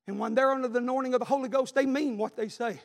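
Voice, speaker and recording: A male pastor preaching a sermon in a church, fervently crying out and shouting in bursts. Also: very high voice, fairly even intonation, quick pace, gravelly, big-room sound.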